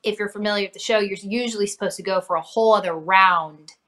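A woman chef from Cincinnati as an interview guest, talking in a relaxed, chatty way with lots of fillers. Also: mid-range voice, fast talker. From Cincinnati, Ohio. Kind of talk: casual interview chat.

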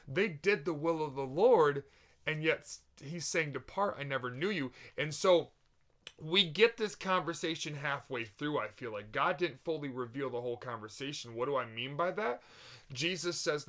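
A man preaches on a podcast. He talks fervently and keeps posing rhetorical questions, often restarting mid-sentence. His voice sits in a middle pitch for a man. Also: a bit bright. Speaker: podcast host.

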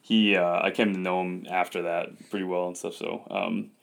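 A man, co-hosting a podcast and chatting casually, telling stories in an animated way with lots of fillers. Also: low voice, normal speed, gravelly. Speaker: podcast co-host. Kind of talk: casual chat.

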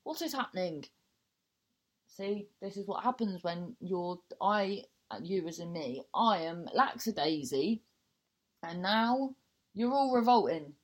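A woman presenting a chatty radio show, reading out listener messages and reacting with animated exclamations. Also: takes it slowly. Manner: animated, exclaiming, swings high in surprise.

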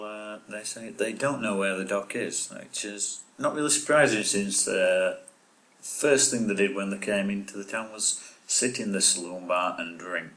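A man co-hosting a chatty podcast, with a very deep voice. He is playful and jokey and laughs easily as he trades remarks with his partner. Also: fairly bright tone, low-quality recording. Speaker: podcast co-host. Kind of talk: casual chat.

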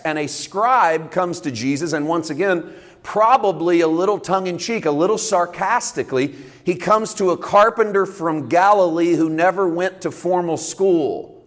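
Male pastor with a slightly high voice. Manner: explanatory, folksy, with casual sports idioms. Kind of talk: conversational sermon teaching. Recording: long reverb in a large hall.

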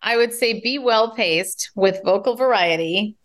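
A woman speech coach talks through communication tips. She speaks in an animated way and demonstrates vocal variety, rising and dropping her pitch as she explains. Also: measured pace. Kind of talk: advice interview.

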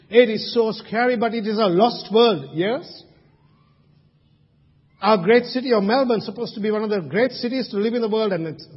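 Guy preaching in a big hall, husky voice, long echo, kinda muffled lo-fi sound. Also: high voice. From Sri Lanka. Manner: emphatic preaching with rhetorical questions. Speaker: pastor. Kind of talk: sermon.

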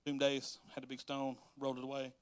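A man preaching a sermon, walking through scripture verse by verse in a lively, animated way and acting out the quotes. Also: medium pitch, fast talker, clean tone, no echo. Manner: animated, laughs often, acts out quotes. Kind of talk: sermon reading and explaining scripture.

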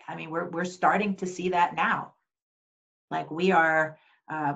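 A middle-aged woman speaking earnestly and warmly as an interview guest, with frequent restarts and fillers. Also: fairly low pitch. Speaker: interview guest, Paralympian and advocate. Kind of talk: casual conversational interview.

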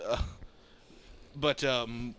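Bright, clear-voiced laid-back podcast host man. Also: mid-range voice, fairly even intonation, very slow. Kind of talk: casual chat.

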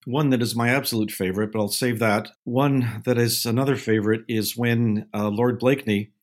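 An older man, a guest film advisor, telling anecdotes in a measured way with frequent filler pauses. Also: medium pitch, steady tone. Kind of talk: casual storytelling interview.

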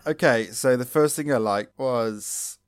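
A man's voice: mid-range voice, measured pace, clean tone, dry recording, clean studio sound. A man co-hosting a podcast, recapping episodes in a sarcastic, chatty way. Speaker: podcast co-host. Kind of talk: casual podcast chat.

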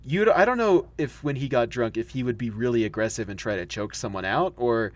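A young American man co-hosting a podcast in casual chat, animated, often laughing and acting out quoted voices. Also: mid-range voice, a little fast. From United States. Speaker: podcast co-host.

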